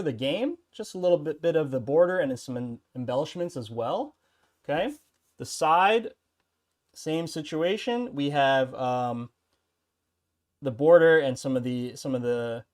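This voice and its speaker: A man's voice: a little high, darkish tone. A man streaming and showing off a custom fightstick build in a casual, upbeat, chatty way. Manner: upbeat and chatty, talks straight to viewers. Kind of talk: casual livestream showcase.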